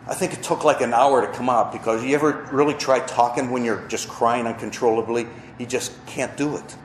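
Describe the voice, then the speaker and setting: A man's voice: mid-range voice, steady tone. Middle-aged man preaching, echoey room. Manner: slow, emotional storytelling with pauses. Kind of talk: testimony sermon. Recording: roomy echo, faint background noise.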